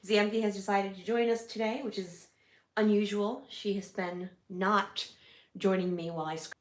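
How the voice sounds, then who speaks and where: Woman, nasal from a cold, chatty and self-correcting, mid pitch, echoey room. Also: fairly even intonation, moderate pace. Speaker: scrapbooking livestream host. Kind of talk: casual live-stream chat.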